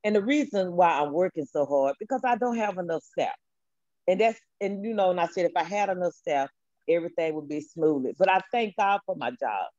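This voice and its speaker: A woman's voice: fairly low pitch, animated, fairly quick, darkish tone, no room sound, dull audio. A woman calling in to a talk show, speaking in a heartfelt, emotional, repetitive way about her work. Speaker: caller. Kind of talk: casual call-in testimony.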